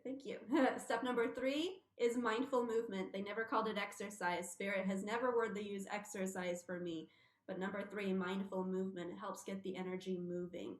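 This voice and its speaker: Animated woman telling stories in an echoey room. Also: medium pitch, normal speed. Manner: animated storyteller, acting out quotes. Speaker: guest, intuitive medium. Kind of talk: casual radio interview.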